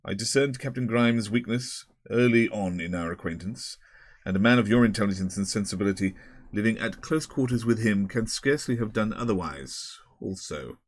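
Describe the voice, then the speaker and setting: A man's voice: on the low side, moderate pace, natural voice. A man voicing an elderly, fussy and snobbish male headmaster who talks in long, pompous, winding sentences with small hesitations. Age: older.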